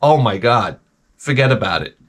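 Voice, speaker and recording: A game channel host delivers a comedic rant in a mid-range, animated voice at a moderate pace. His delivery is profane and rambling, packed with stammered restarts.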